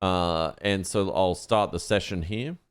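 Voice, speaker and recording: A man co-hosting a tech podcast, playfully testing an AI assistant with quick prompts. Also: deep voice, clear, resonant tone. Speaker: podcast co-host. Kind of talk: casual tech podcast chat.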